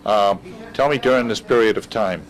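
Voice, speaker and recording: A male interviewer steers an oral history conversation with short prompts and follow-up questions. His voice sits on the low side. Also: moderate pace, poor audio.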